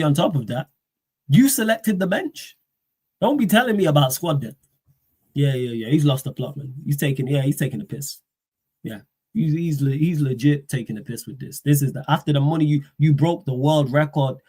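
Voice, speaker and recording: A man, hosting a football livestream, talking in a slangy, animated way and firing off rhetorical questions. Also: a little high, moderate pace, husky. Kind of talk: casual live-stream rant.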